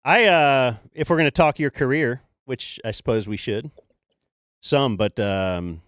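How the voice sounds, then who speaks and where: Male co-host, smooth resonant voice, halting questions, dry mic. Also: medium pitch, a bit bright, dry recording. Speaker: podcast co-host. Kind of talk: casual chat interview.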